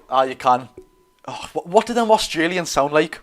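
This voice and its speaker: A young man with a Geordie accent hosting a live football watch-along, chatty and excitable, reading viewer comments aloud. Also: fairly high pitch, moderate pace. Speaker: streamer and host.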